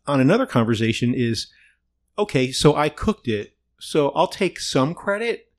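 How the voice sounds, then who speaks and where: A man hosting a casual podcast, telling animated anecdotes with quoted dialogue. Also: fairly high pitch, moderate pace. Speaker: podcast host. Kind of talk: casual chat.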